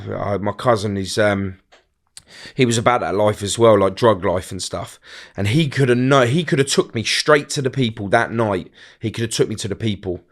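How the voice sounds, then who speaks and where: A middle-aged man telling a personal story in a blunt, halting way, often restarting his sentences and acting out other people's words. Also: lowish voice. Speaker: guest.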